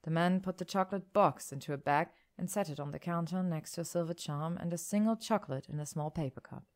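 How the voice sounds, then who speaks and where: Woman reading a story, calm and low, even delivery. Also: quick pace. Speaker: narrator. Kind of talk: audiobook narration.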